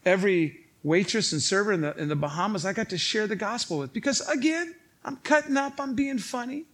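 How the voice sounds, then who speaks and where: High, bright-voiced joking pastor. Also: male voice, brisk. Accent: Chicago. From Illinois. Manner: animated, joking, acts out quoted dialogue. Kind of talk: storytelling sermon. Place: church stage before a congregation.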